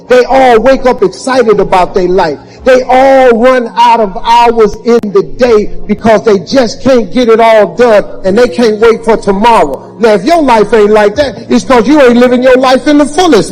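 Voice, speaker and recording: A man's voice: extremely high pitch, a little mellow, in a large hall, poor audio. A man giving a motivational speech, emphatic and full of repeated rhetorical questions in folksy grammar. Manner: folksy Southern-style grammar. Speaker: motivational speaker.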